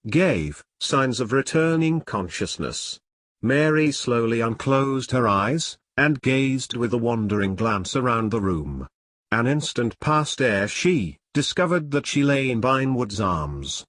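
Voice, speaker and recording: A man narrating a 19th-century novel aloud in a theatrical, expressive reading style. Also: mid-range voice, no room sound, clean studio sound. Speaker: audiobook narrator.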